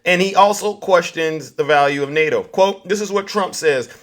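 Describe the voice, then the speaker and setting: A man hosting a political livestream, loudly taunting and mocking his viewers. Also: high-pitched, moderate pace. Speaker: livestream host.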